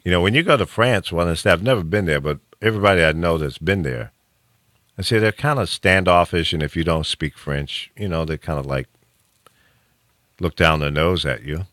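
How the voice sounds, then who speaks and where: A man hosts a talk show with a very deep voice that still rings bright and forceful. His pitch swings widely as he talks, and he keeps restarting his thoughts and chuckling. The sound is close and dry, with no room in it. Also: normal speed, no room sound. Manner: opinionated, animated, chuckles often, frequent restarts. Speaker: radio talk show host. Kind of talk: casual talk show banter.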